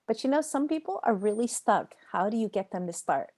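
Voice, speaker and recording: A woman's voice: on the high side, lively intonation, a little fast, a little mellow. A woman teaching a live online yoga training class. She talks in an emphatic, chatty way, repeats phrases for effect and answers students' typed questions by name.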